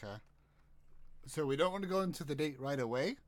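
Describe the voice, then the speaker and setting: A man's voice: fairly high pitch, fast. A man doing let's-play commentary, crude, joking and exasperated. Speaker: gameplay streamer.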